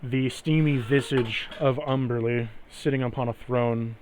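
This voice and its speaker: A man runs a tabletop game in a loose, casual way. His voice sits at an ordinary middle pitch. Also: fairly even intonation, a little slow, a little mellow, a little hiss or hum. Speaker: game master.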